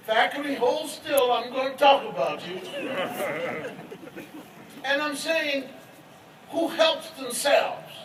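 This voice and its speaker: An older man speaks slowly at a commencement, folksy and teasing as he tells his stories. His voice is high for a man. It carries from a distance through an echoey hall, with a crowd and noise behind. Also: expressive. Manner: folksy storyteller, teasing the audience. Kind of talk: humorous commencement speech.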